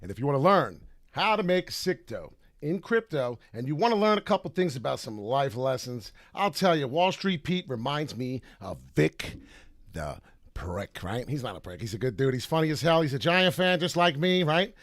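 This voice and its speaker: A man hosting a vlog, ranting loudly and profanely from a car in a parking lot. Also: mid-range voice, big pitch swings, normal speed, no echo, studio quality. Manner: loud, profane, fired-up ranting. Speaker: crypto video host.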